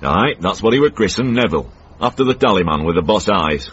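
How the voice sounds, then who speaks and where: Uncle Mort, a grumpy old northerner. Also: male voice, deep voice, lively intonation, a little fast, fairly bright tone, slight background noise. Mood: reminiscing. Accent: Northern English. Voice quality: husky, grumbling. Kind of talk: radio drama acting. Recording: muffled radio broadcast.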